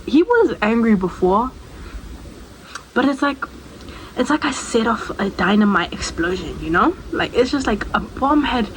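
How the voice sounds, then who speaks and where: A woman's voice: fairly high pitch, sing-song, unhurried, slight background noise, rough recording. A young adult woman chatting casually to the camera, telling a personal story in a rambling way, with asides to the viewer. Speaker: storytime vlogger.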